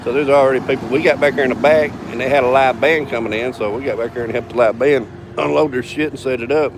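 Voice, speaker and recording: A man's voice: medium pitch, steady tone, quick pace, background noise. Profane man spinning a yarn. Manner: drawling, profane, laughs between lines. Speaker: vlogger telling a story. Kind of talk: casual profane storytelling.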